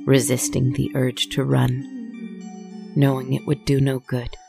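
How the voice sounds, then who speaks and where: Gravelly, slow storyteller. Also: mid-range voice, monotone, music in the background. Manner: slow, solemn, measured. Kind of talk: scripted story narration.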